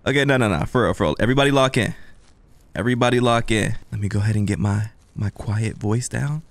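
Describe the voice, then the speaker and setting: A young man playing a horror game on stream, joking loudly with his viewers. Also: lowish voice, racing, dry recording. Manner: joking, playful and loud, talking to viewers. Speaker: gaming streamer.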